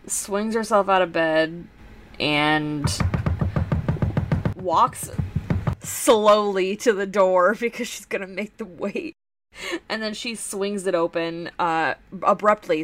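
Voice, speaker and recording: A young woman playing a tabletop game over a voice call, quick and teasing. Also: mid-range voice, faint music behind. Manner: quick, teasing, laughing often. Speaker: player. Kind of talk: casual tabletop play over voice chat. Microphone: computer mic on a voice call.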